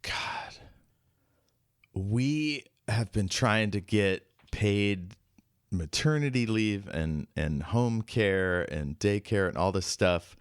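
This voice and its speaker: A man's voice: lowish voice, slow pace, clear, resonant tone, dry recording, clean studio sound. A man hosting a podcast, recapping in a wry, joking casual chat. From United States. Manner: wry, recaps plot with jokes. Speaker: podcast host.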